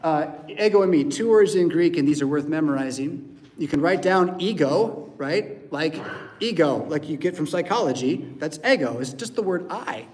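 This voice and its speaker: An American man, a pastor, preaching a lively sermon in church and acting out voices and sounds. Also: a little high. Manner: animated, acts out voices and sounds.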